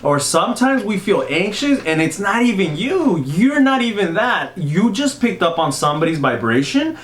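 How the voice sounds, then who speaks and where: A man hosting a casual podcast chat, animated and laughing often. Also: high voice, normal speed, reverberant, a little hiss or hum. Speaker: podcast host.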